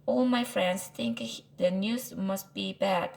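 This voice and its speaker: A woman's voice: medium pitch, takes it slowly, creaky, darkish tone, poor audio. A woman reading as Arthur, a fretful boy aardvark. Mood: worried. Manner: anxious, rambling excuses. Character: worried young boy aardvark, fretful and evasive.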